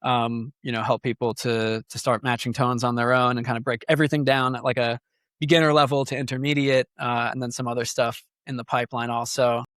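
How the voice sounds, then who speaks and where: A man's voice: mid-range voice, level tone, fairly quick, fairly bright tone, no room sound, studio quality. A young adult man, a guest guitarist, talking in a casual podcast conversation and telling stories in a rambling way full of fillers. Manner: rambling, filler-heavy storytelling.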